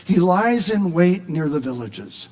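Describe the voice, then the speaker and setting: A man preaching a sermon as pastor, animated and emphatic, at times raising his voice to a shout. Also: sits high, a little slow.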